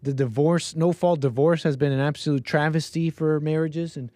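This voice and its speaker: A man's voice: a little high, no room sound. Male streamer, casual reaction commentary, dry close-mic sound. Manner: chatty, animated, pauses to react to clips. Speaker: livestream host reacting to a debate.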